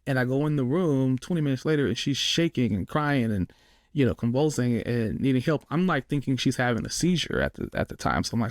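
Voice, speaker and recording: A man's voice: mid-range voice, lively intonation, brisk, no room sound. Rambling man telling a story, dry sound. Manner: rambling, lots of "like" and "you know". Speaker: podcast guest. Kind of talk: casual storytelling.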